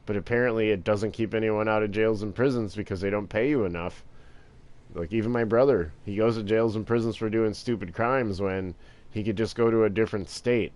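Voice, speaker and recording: A man's voice: on the low side, fairly even intonation, fairly quick, darkish tone. A man talking in a rambling, crude, profane casual monologue while playing a game. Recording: noisy with vehicle sounds behind.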